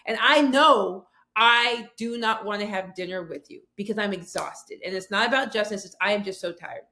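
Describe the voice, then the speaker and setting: A woman's voice: mid-range voice, normal speed, bright, forceful tone. A woman guest on an interview show, telling a story animatedly and acting out both sides of a conversation. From southwestern United States, near the Mexican border. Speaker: guest, author and speaker.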